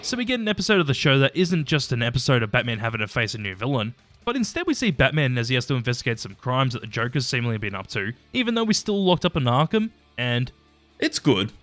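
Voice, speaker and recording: A man's voice: mid-range voice, very animated, quick pace, fairly bright tone, soft background music. A man giving a casual, opinionated episode-by-episode review, chatty and sometimes swearing. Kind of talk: casual commentary ranking episodes.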